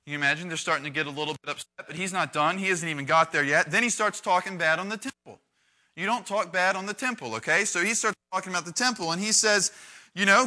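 A youth pastor preaching to a room of young people, a man with a fairly high, very bright and forceful voice. He keeps it conversational and jumps between quiet asides and loud, dramatic readings. He acts out the lines he reads with real energy. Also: quick pace. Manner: animated, conversational, acts out quotes with big swings in volume. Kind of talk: lively preaching to a youth group.

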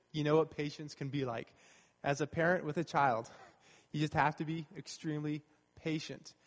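A man with a high voice preaches in an earnest, conversational way, going back over his main points. His voice carries a long reverb from a church hall. He sounds like a pastor talking straight to his congregation. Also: a bit bright. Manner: earnest and conversational, repeating key phrases. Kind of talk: sermon.

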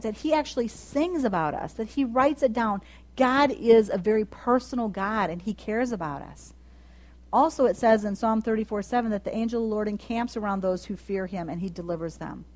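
A woman delivering a sermon with a somewhat high voice. She talks to the congregation in a chatty way, sinks quiet and low, then surges loud and high when she drives a point home. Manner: impassioned, swings from soft and low to loud and high; conversational preaching with asides to the congregation. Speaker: preacher.

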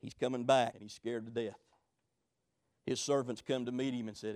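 A man preaching a sermon, telling stories dramatically, swinging between shouting and low murmurs. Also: fairly even intonation, normal speed, long pauses.

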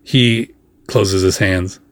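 A podcast host with a low-pitched voice and fairly even intonation shares a behind-the-scenes story, recorded with no room sound. His monologue is casual and chatty, rambling along with frequent fillers and quick asides.

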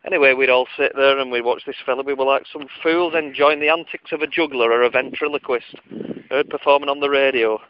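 A man's voice: mid-range voice, fairly even intonation, a little fast. A man with a mid-range voice spinning a funny childhood tale, wry and prone to wandering off on tangents while poking fun at himself. the recording sounds a little dull and lo-fi. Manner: wry, digressive, self-mocking. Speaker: storyteller. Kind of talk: casual comic storytelling.

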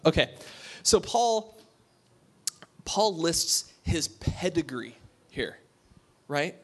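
Male preacher, informal sermon style, fairly high voice, blunt and chatty, restarts a lot. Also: fairly bright tone. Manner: frank, informal, with many restarts. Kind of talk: conversational sermon. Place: room with a small congregation.

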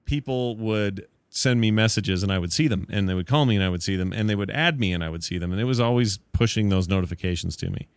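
A man's voice: on the low side, fast talker, few pauses, clear, resonant tone, no room sound. A man co-hosting a casual tech podcast, chatting with wry, dismissive asides. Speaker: podcast co-host.

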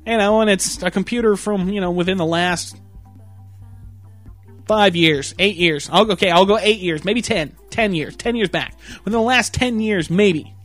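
Man, high-pitched, exasperated, swears constantly, comic rant, soft music underneath. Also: normal speed, dry recording. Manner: crude, exasperated, swears a lot, laughs mid-sentence; mocks customers in a shrill put-on voice. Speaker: computer repair guy ranting.

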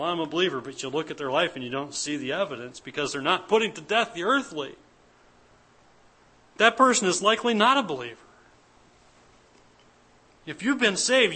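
A man's voice: high-pitched, sharp tone, husky. A man preaching an earnest, emphatic church sermon as pastor, repeating his key points. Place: church service.

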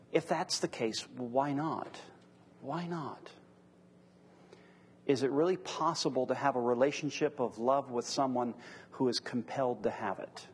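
A man's voice: mid-range voice, darkish tone, long reverb tail, a little hiss or hum. A middle-aged man leading a church class discussion, teaching earnestly through rhetorical questions.

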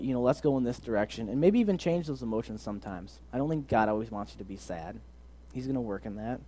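A young man giving a casual, earnest sermon, moving between loud emphasis and quiet, soft asides. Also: mid-range voice. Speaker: preacher.

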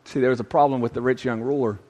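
A man's voice: medium pitch, fairly even intonation, quick pace, dark tone. A man preaching a youth sermon, conversational and emphatic with folksy asides.

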